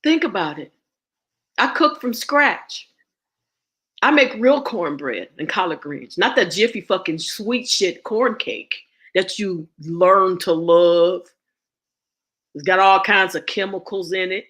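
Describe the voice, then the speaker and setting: A woman's voice: fairly low pitch, lively intonation, slow pace, a bit bright. A woman speaking as a guest and ritual teacher, blunt and profane, preaching with rhetorical questions. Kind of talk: impassioned spoken address.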